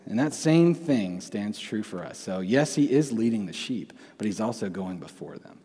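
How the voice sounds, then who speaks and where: A young man preaching in a slightly low, husky voice, with a long reverb hanging after his words as if in a large hall. He talks in a loose, conversational way and often restarts his sentences. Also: lively intonation, moderate pace, few pauses, mellow. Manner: conversational, many restarts and asides. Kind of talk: sermon.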